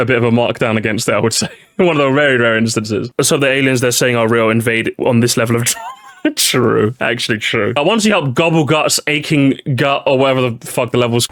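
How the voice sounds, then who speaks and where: A young man streaming as he ranks video game music, excitable and sarcastic, with frequent swearing. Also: medium pitch.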